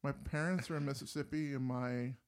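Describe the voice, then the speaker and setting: A man with a gravelly, creaky edge co-hosts a relaxed music conversation. He tells stories with energy and slips into little impressions of riffs and voices. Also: medium pitch, brisk. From New Jersey. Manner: animated storyteller, mimics voices and guitar riffs. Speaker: podcast co-host. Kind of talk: casual chat about music.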